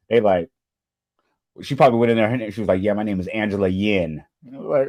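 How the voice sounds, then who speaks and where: A man hosts a reaction video in a casual, slangy way, doing quick impressions of the people on screen. His voice is on the low side with a darkish tone.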